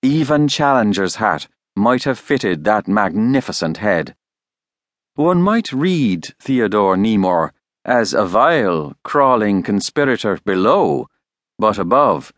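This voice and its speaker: Male classic-fiction narrator: unhurried, expressive, dry studio read. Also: lowish voice, no room sound. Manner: measured, expressive reading. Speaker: audiobook narrator. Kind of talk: scripted audiobook narration.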